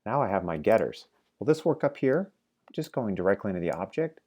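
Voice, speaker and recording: Male coding teacher, deep voice, conversational, quizzes the viewer as he types. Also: very animated, brisk, a little mellow. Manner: chatty, asks the viewer questions and prompts them to answer along. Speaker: programming teacher. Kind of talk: live-coding lecture.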